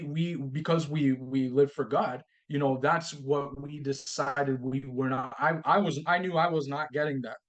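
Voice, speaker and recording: A male podcast guest with a somewhat high voice shares a personal story with animated storytelling. He performs both sides of the exchange and keeps repeating and restarting his phrases.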